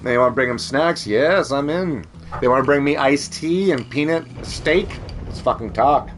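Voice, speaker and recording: A man's voice: mid-range voice, animated, normal speed, slight background noise. A man chatting casually as a streamer, rambling, joking and swearing freely. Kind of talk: casual chat.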